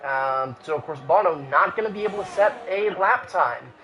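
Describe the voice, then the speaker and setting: Male sim racing commentator, slightly high. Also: expressive, normal speed, bright, forceful tone, slight background noise, poor audio. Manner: frequent filler "uh", restarts. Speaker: race commentator.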